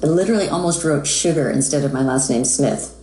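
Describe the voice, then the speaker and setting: Low-voiced chatty American woman. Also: a little fast, mellow, reverberant, slight background noise, poor audio. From United States. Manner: chatty, talks while she signs. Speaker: voice actress signing autographs. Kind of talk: casual live-stream chat.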